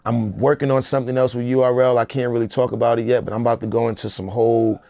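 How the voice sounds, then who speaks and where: Gravelly streetwise rapper in his forties. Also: medium pitch, level tone, fast, a little mellow, no echo. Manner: streetwise, profane, keeps saying "you know what I'm saying". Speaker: rapper being interviewed. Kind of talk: casual interview talk.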